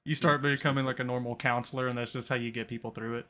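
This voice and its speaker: Bright-voiced young man chatting casually. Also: medium pitch, fairly even intonation, quick pace. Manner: laid-back, swears often. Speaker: podcast co-host. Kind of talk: casual chat, livestream.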